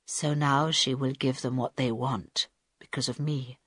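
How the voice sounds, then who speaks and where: A woman voicing a despairing man who speaks in a low, hushed, gloomy way in a storybook reading. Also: expressive, slow pace, dry recording, clean studio sound.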